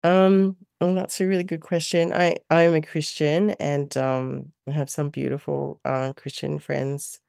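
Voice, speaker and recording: Woman, Australian accent, middle-aged, lively storyteller, laughs a lot, dry close sound. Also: deep voice, measured pace, creaky, few pauses, no echo. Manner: animated, chatty, laughs often while telling stories. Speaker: guest, mother and carer. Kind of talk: casual storytelling interview.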